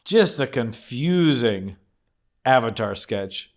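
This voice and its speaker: A man co-hosting a casual comedy podcast, retelling scenes with lively impressions. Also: medium pitch, slow pace. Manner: animated storyteller, acts out movie scenes in mock voices. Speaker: podcast co-host.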